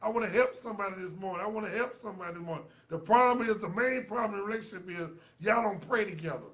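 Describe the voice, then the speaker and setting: A man's voice: high voice, quick pace, fairly bright tone. A man hosting a live online talk show, exhorting his viewers in a repetitive, preacher-like way.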